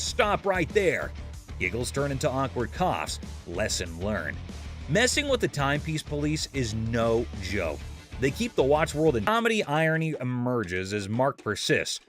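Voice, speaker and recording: A man narrating a show recap in a scripted, playful, jokey storytelling manner. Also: medium pitch.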